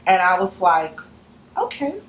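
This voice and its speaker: A woman's voice: medium pitch, normal speed. A woman in her twenties telling a personal faith story as an interview guest, earnest, slipping into her mother's voice when she quotes her. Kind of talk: testimony interview. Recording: echoey room, faint background noise.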